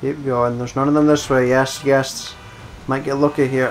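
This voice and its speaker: A young man giving casual let's-play commentary, muttering and swearing at the screen, with sudden loud bursts when he wins. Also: medium pitch, flat delivery, moderate pace. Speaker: gameplay commentator.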